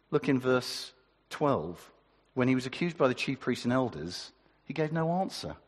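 A man preaching a sermon with a husky voice, conversational and asking the congregation questions. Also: mid-range voice, big-room sound.

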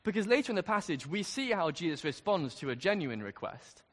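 An earnest male preacher with a high, lively voice that swings up and down as he presses his questions. His words ring out with a long reverb, as if from a large hall. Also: brisk. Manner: earnest, rising to emphatic questions. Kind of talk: sermon.

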